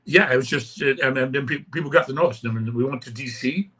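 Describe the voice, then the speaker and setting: Older man from Canada, bright and forceful voice, loose anecdotal guest. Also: mid-range voice, fast talker, breathy edge. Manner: rambling anecdotes with many "right?" tags and acted-out quotes. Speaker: interview guest, punk musician. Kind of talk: casual storytelling interview.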